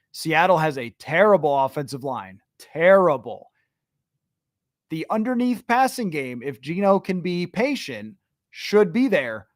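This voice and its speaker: Male sports podcast host, fairly high voice, chatty and thinking aloud, dry recording. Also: no echo. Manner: conversational, thinks aloud with restarts. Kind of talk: casual sports talk reading listener questions.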